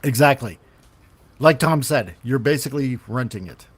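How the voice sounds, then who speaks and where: A man's voice: mid-range voice, lively intonation, moderate pace, slightly rough. A man hosting a casual podcast, reading gaming news with rambling, self-correcting sarcastic asides. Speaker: podcast host.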